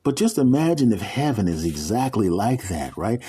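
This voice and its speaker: A middle-aged man telling a funny story as a monologue, animated and often jumping into character voices. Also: lowish voice, normal speed, husky. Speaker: comedic storyteller. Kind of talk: comedic monologue.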